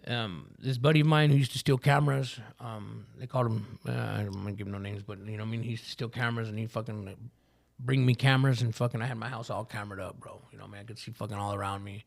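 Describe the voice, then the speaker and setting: This fairly low, steady voice belongs to a fast-talking man with vocal fry who barely pauses. On a podcast, he recounts his recovery in rambling, profanity-heavy street slang.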